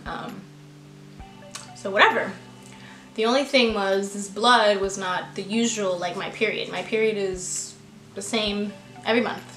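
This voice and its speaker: A woman's voice: medium pitch, unhurried, pauses often, a bit bright, soft background music. Chatty young woman in an echoey room. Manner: chatty, filler-heavy, quotes herself with "I'm like". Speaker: vlogger. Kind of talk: casual personal storytelling.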